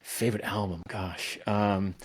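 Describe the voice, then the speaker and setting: A middle-aged man talking as a podcast guest in a casual, relaxed way, with many fillers and restarts. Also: on the low side, measured pace. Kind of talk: casual conversational interview.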